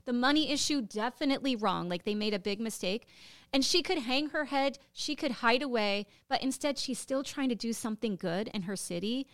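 An American woman in her thirties, co-hosting a podcast and telling a story in a casual, emotional way, with halting speech and lots of fillers. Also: fairly high pitch, lively intonation, fairly bright tone, no echo. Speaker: podcast co-host.

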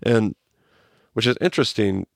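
A man hosting a podcast, teaching a Bible story in a casual, animated way. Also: lowish voice, normal speed, gravelly, dry recording, studio quality. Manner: animated, acts out quotes as he teaches.

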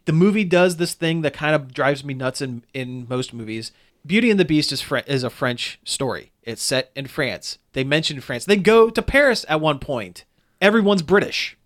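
Rambling man with a slightly high voice. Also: animated, moderate pace, a bit bright. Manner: rambling, frequent restarts and fillers. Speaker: movie reviewer. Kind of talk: casual chat.

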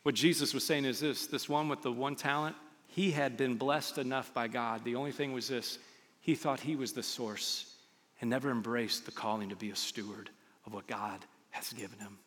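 A man preaching a sermon as a pastor, speaking in a conversational, animated storytelling way with acted quotes. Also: medium pitch, normal speed, big-room sound. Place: church auditorium.

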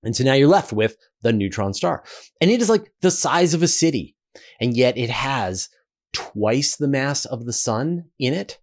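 A man with a Canadian accent hosting a relaxed question-and-answer show, talking casually with fillers and restarts. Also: mid-range voice, normal speed. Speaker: host. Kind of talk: casual Q&A talk.

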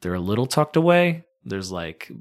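A man's voice: on the low side, sing-song, normal speed. A man who is a podcast guest, rambling eagerly through a long story and acting out the lines of the people in it. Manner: rambling enthusiastic storyteller, acts out quotes. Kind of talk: casual chat.

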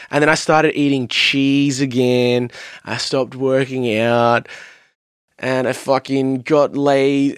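A man's voice: medium pitch, no room sound, studio quality. A young man, a podcast guest telling rambling, sweary stories about his singing career. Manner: rambling, sweary, animated storytelling. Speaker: podcast guest, vocalist and producer. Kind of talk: casual podcast chat. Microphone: studio mic on a stand.

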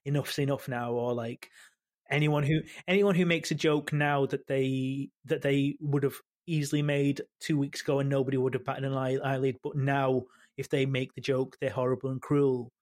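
A man, a football podcast panelist talking in a halting way full of restarts. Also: medium pitch, little pitch movement, a little mellow. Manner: halting, many restarts and fillers. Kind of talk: casual football chat.

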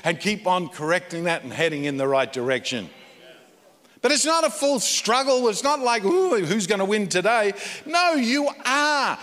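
An Australian man, a pastor, preaching a conversational sermon that swings from loud emphatic peaks to quiet low asides. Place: church. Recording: long hall reverb in a church.

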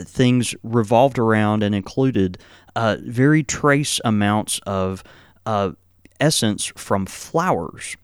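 A man's voice: on the low side, clean tone, no room sound, clean studio sound. A man hosting a casual podcast, explaining at length with frequent fillers and restarts, and chuckling often. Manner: halting, many fillers and restarts. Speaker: podcast host.

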